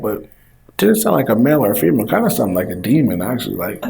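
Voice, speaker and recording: A young man casually telling a personal story, relaxed and conversational. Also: mid-range voice, fast talker, gravelly, rough recording. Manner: relaxed, conversational retelling with quoted dialogue. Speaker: former football player telling his story.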